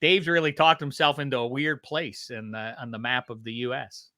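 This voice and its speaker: A man from the Pittsburgh area, a guest on a football podcast, talking in a rambling, animated way about teams and accents. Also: mid-range voice, normal speed, no room sound, clean studio sound. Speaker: guest commentator. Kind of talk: casual podcast chat.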